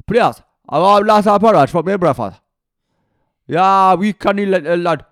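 A man putting on a loud, deliberately garbled Geordie accent as a comic working-class man. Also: sits high, no echo, clean studio sound, pitched above the performer's own voice. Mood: demanding. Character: shouty comic Geordie man wanting breakfast.

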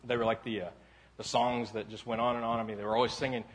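A man pastor preaching a casual sermon in a church sanctuary, telling rambling self-deprecating stories that break into loud shouts. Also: mid-range voice, little pitch movement, quick pace. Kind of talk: conversational sermon.

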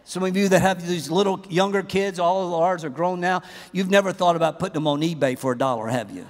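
A middle-aged man preaching a humorous, animated sermon in a large church auditorium. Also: high-pitched, fairly quick, long reverb tail, a little hiss or hum. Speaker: pastor.

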